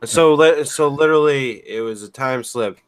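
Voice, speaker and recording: A man's voice: mid-range voice, moderate pace, clean tone. A man hosting a casual podcast, bantering and teasing his co-hosts with sarcastic asides. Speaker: podcast host.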